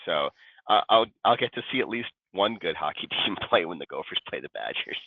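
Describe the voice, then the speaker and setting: A man from Minnesota, the guest speaker, talking in a relaxed, rambling way and correcting himself as he goes, on a video call. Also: low voice, fairly quick, gravelly, dry recording. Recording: tinny phone-like call line.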